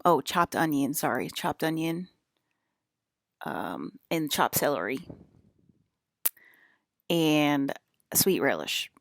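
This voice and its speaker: A low-voiced woman rambles casually to her viewers in a drawling, meandering way. The recording is close and dry, with no room sound behind her. Every so often she pauses to cough before carrying on. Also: no room sound. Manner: rambling, drawling, uses y'all and fixing to. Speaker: vlogger.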